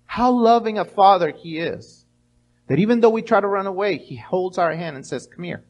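A middle-aged pastor with a high voice preaches in an animated way. He slips into little acted-out voices and often stumbles and restarts his words. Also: normal speed, dull audio. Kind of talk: sermon.

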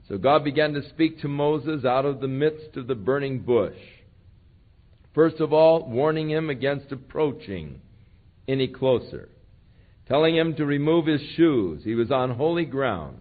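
A man preaching a sermon who reads scripture aloud with slow, emphatic stresses. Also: medium pitch, expressive. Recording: tinny phone-like sound.

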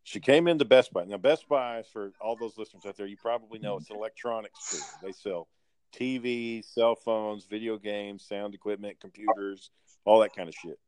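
A man's voice: fairly low pitch, moderate pace, a little mellow, clean tone, dry recording. A man telling a blunt, profanity-laced story in casual chat.

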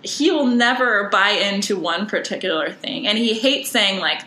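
A woman's voice: medium pitch, animated, moderate pace, pushed and bright, echoey room, rough recording. A woman hosting a podcast, chatting casually in a rambling way with lots of fillers. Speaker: podcast host. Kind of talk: casual interview chat.

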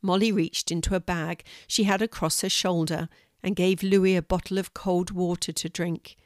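An older woman reading a children's story aloud in a clear, measured storytelling voice. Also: lowish voice, steady tone, dry recording, studio quality.

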